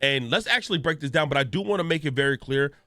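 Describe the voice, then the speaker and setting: A man's voice: on the high side, expressive, quick pace, sharp tone, dry recording. A man, a gaming streamer, giving ranting news commentary in a profane, storytelling way with exaggerated reactions.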